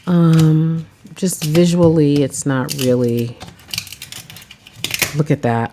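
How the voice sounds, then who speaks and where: A woman with a low, mellow voice talks slowly and casually about her tarot decks, with slight background noise. She's a tarot reader and vlogger, and she rambles in a chatty way, saying "like" a lot.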